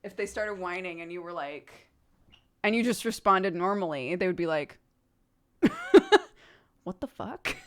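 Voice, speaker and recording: Animated woman streamer chatting casually. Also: lowish voice, measured pace, pauses often. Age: 30s. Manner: rambling and animated, laughs often.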